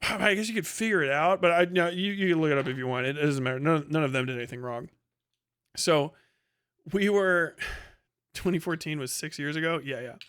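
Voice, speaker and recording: Man streamer, casual storytelling, rambling and profane, bright crisp voice. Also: fairly high pitch, brisk. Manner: rambling, profane, lots of fillers. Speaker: livestream host.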